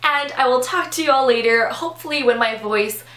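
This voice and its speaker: A woman's voice: sits high, brisk, bright, forceful tone, echoey room. A young woman book vlogger chatting to camera, eager and chatty, with a voice that is giving out. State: losing her voice. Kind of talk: casual chat to camera.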